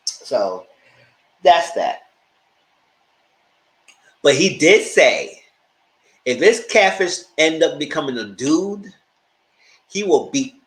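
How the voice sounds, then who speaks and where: Animated man recapping a TV show. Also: takes it slowly, pauses often, low-quality recording. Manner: animated storyteller, acts out quotes with high-pitched outbursts; laughs often, chatty and dramatic. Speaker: TV show reviewer. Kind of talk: casual recap commentary.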